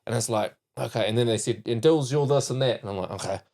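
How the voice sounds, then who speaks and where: A man with a New Zealand accent hosting a podcast, telling a story in lively casual chat and acting out quotes. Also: medium pitch, fast. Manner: animated storyteller, laughs and acts out quotes. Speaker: podcast host.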